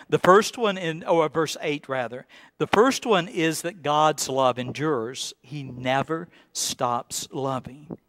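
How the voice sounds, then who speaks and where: A male pastor preaching a sermon in an earnest, deliberate way, repeating words and rising into pleading emphasis. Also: a little high, dry recording.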